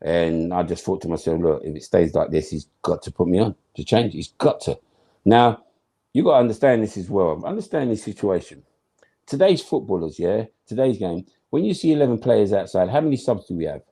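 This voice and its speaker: Low-pitched, warm and slightly rough, this man talks a little fast and with real animation. He's an ex-footballer guesting on an interview, telling stories emphatically with plenty of slang and playing out his own inner thoughts.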